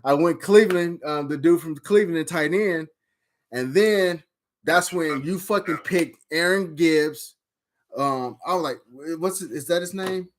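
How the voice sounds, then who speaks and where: A man's voice: fairly high pitch, a little slow, a little hiss or hum. A man casually recapping a fantasy draft, rambling and swearing with lots of fillers and outbursts. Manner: rambling, profane, animated storytelling with frequent fillers. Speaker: fantasy football league member.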